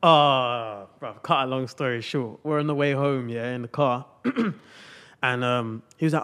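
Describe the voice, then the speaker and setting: A man's voice: medium pitch, a little slow, fairly bright tone, clean tone. A young man, hosting a podcast and telling a long story in a casual, slang-heavy way. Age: young adult. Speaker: podcast host.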